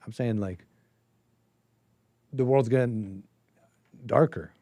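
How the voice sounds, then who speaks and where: A man's voice: medium pitch, slow, mellow, dry recording. A young man hosting a casual live stream, riffing sarcastically over a clip with frequent laughing asides. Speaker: streamer host.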